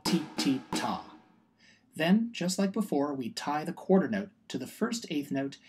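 A man teaching music theory in a scripted video lesson, explaining clearly and steadily and chanting rhythm syllables. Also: fairly high pitch, a little mellow. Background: music playing.

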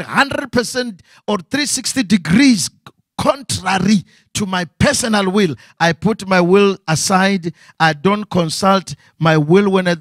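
High-voiced preaching man. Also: fairly bright tone, dry recording, clean studio sound. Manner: preaching with rhetorical questions and repeated phrases. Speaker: pastor. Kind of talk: sermon.

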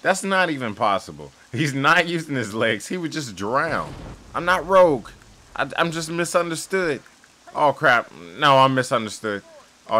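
A young man giving sarcastic, jokey commentary while playing a game, often yelling at it. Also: on the high side. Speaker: gaming YouTuber. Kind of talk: casual gameplay commentary.

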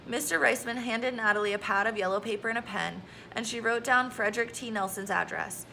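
A woman reading a children's novel aloud, gentle and expressive, lightly voicing the characters. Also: fairly high pitch, fairly quick, creaky, slight background noise. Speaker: audiobook reader. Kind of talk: storybook read-aloud with character voices.

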